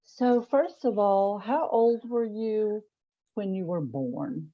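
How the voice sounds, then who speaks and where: A woman interviews a guest over a video call at a club meeting, keeping things jokey and teasing. She speaks slowly at a medium pitch with lively intonation, and the lo-fi call audio sounds slightly dull.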